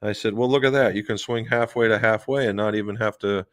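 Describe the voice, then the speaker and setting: A man hosting a casual golf livestream. He tells folksy stories from his club-fitting shop and answers viewers' questions in a relaxed, chatty way. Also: on the low side, a little fast.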